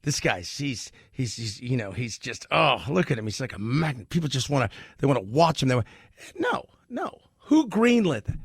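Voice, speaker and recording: A man's voice: mid-range voice, animated, fairly quick, gravelly, few pauses, husky, no room sound. A middle-aged man hosting a talk radio show, talking bluntly and sarcastically in a rambling monologue into a studio mic.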